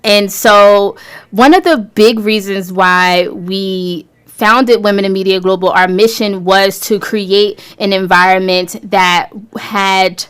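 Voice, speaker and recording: A woman hosting a radio talk show with a smooth, resonant voice and an upbeat, enthusiastic delivery. Her pitch sits in an ordinary middle range for a woman. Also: fairly even intonation, slow pace, fairly bright tone.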